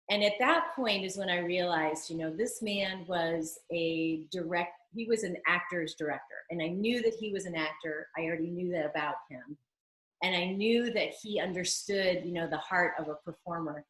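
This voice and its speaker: A woman telling an emotional story in an animated way as an interview guest, speaking over a video call. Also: fairly low pitch, normal speed. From United States. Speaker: interview guest, singer and actress. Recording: roomy video-call audio.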